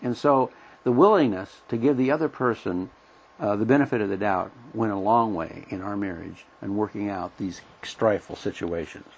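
A man's voice: lowish voice, normal speed, gravelly, breathy edge. A middle-aged man teaching a Bible lesson in a folksy, plain-spoken way, acting out everyday conversations. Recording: dull lo-fi recording.

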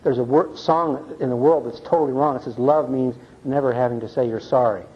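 An older man teaches a church Bible class in a folksy, earnest style, frequently checking in with "see?" and "okay?". His mid-range voice is a little fast with fairly even intonation, and the muffled lo-fi recording carries a bit of hiss or hum.

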